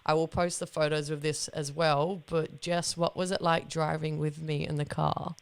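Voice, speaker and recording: A young woman hosting a casual podcast, her voice low-pitched and smooth. She tells stories freely, laughing and swearing as she goes. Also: level tone, normal speed. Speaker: podcast host. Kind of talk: casual chat.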